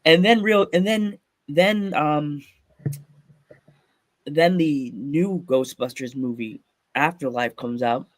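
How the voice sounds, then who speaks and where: A man from Pennsylvania hosting a casual podcast, telling stories with lots of excitement and frequent laughter. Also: fairly high pitch, slow, no echo. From Pennsylvania, USA. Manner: excited storytelling, laughs often. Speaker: podcast host.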